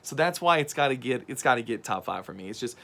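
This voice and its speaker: A man's voice: mid-range voice, lively intonation, fast, vocal fry, a bit bright. A man in his late thirties, a pastor, casually ranking bad movies in a chatty, wry way, often repeating words as he thinks.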